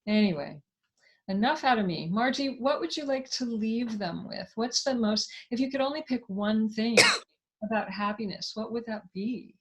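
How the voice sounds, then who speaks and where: A woman's voice: a little high, normal speed. A woman hosting a live online talk, effusive and enthusiastic, reading viewer comments aloud and thanking her guest. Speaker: host. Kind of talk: live online interview wrap-up.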